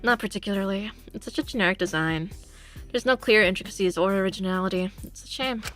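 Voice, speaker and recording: A woman's voice: medium pitch, fast talker, a bit bright, soft background music, natural voice. A woman voicing an aloof young woman in a visual novel, a statue lover who talks in a cool, critical, lecturing way.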